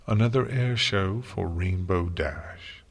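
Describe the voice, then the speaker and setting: A teasing younger princess pony, as a man reading a storybook puts her on. She talks idly and slyly in a low, husky voice close to his own. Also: slow pace, full character voice. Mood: sly, idle. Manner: idle, sly, teasing.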